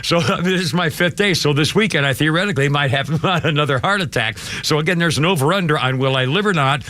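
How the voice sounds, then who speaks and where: Older man, bright radio host voice. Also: a little high, quick pace, no echo. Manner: rambling, full of restarts and chuckles. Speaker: radio talk show host. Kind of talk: casual live radio talk. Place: radio studio. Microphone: studio microphone.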